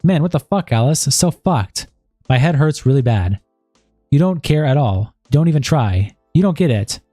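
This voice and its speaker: A man's voice: on the high side, very animated, normal speed, mellow, no room sound, studio quality, soft background music. A man on a stream, reading a chat log aloud and breaking in with asides of disbelief.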